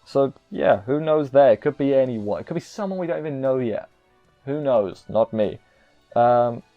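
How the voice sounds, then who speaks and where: A man's voice: mid-range voice, lo-fi sound. A man giving a casual, rambling episode recap as an anime reviewer, joking and poking fun at himself. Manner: rambling, self-deprecating, jokey asides.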